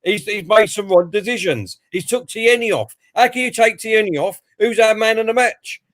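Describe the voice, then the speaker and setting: A man chatting football on a computer video call, agreeable and casual, with the odd swear word. His voice is high for a man, and the sound is dry with no room echo. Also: normal speed, fairly bright tone. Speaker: fan pundit. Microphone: computer mic on video call.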